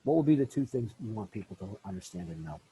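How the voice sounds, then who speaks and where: Husky, effusive male podcast host. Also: on the low side, sing-song, quick pace, dark tone, poor audio. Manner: effusive, laughs often, talks in bursts. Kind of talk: casual interview chat.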